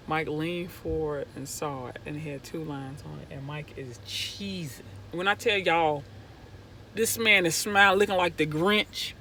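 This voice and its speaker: A young woman vlogger telling a personal story in an animated way, going from hushed to loud when excited. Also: deep voice, moderate pace, slight background noise, rough recording. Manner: excitable, swings from hushed to near-shouting.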